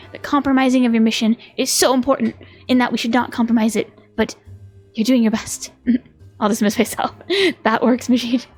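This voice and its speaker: A woman's voice: on the high side, darkish tone. A woman streaming a video game live, chatting casually with a giggly, playful manner.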